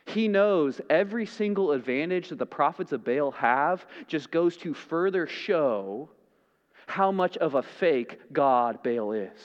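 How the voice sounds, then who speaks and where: A man preaching a sermon as pastor, dramatic, swinging from loud to hushed. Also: on the high side, expressive, unhurried, big-room sound, lo-fi sound.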